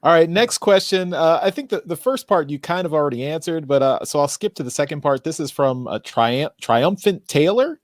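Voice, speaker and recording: Host guy reading fan questions, bouncy higher voice, laughs a lot, dry sound. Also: expressive, moderate pace, hardly any pauses, no room sound. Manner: laughs easily, reads questions out. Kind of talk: casual interview.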